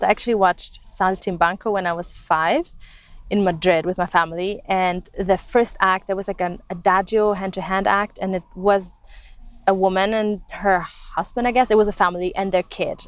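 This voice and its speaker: A woman's voice: medium pitch, clean tone, no room sound. Bubbly young woman interview guest. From Germany and Spain. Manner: enthusiastic, bubbly. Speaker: guest, circus artist. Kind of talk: casual interview chat.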